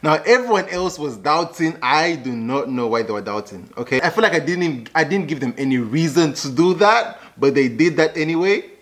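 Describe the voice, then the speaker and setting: A man's voice: fairly high pitch, animated, moderate pace, hardly any pauses, a bit bright. A young man with a thick Zambian accent, talking animatedly as a YouTube host reacting to a clip and checking in with the listener. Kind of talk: casual reaction commentary.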